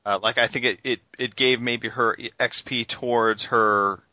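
Male podcast host, bright forceful tone, lively casual talk. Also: medium pitch, unhurried, no room sound. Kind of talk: casual chat.

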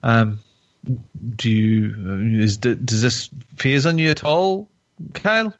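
A man's voice: medium pitch, takes it slowly, no echo, highs cut off. A man hosting a casual podcast chat, rambling and joking with lots of fillers and restarts, a little tipsy from wine. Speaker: podcast host.

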